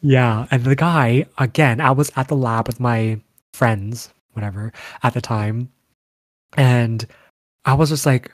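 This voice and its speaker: A man's voice: mid-range voice, moderate pace, no room sound. Chatty young man telling stories. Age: young adult. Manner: animated storytelling, frequent fillers. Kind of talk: casual chat.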